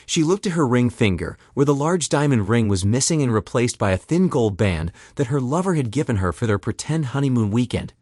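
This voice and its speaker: A man narrating a dramatic story in an expressive, scripted reading. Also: mid-range voice, a little fast, hardly any pauses, no echo, clean studio sound.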